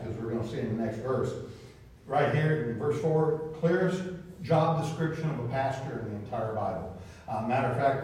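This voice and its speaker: A man's voice: medium pitch, dark tone. A man preaching a folksy sermon as pastor, repeating words and asking the congregation questions. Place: church sanctuary. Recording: very echoey room, distant from the mic.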